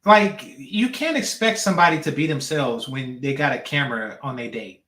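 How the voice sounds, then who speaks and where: A man's voice: medium pitch, moderate pace, sharp tone, echoey room. A man hosting a reaction channel, giving blunt, slangy commentary on a clip.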